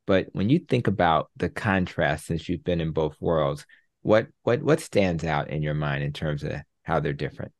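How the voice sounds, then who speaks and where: A man's voice: very deep voice, moderate pace, dry recording, clean studio sound. A man hosting a podcast interview, talking in a rambling, friendly way with many fillers. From United States. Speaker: podcast host, physician. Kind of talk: casual interview chat.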